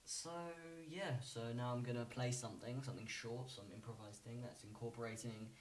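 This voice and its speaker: A man giving a casual music lesson, relaxed and rambling, with lots of fillers and restarts. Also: mid-range voice, brisk, slight background noise. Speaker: music teacher. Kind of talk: casual instructional talk. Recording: roomy, from a distance.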